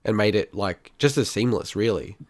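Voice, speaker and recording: Low-voiced assertive podcast co-host man. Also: animated, moderate pace, no room sound. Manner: assertive, argues his point, laughs often. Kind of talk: casual debate chat.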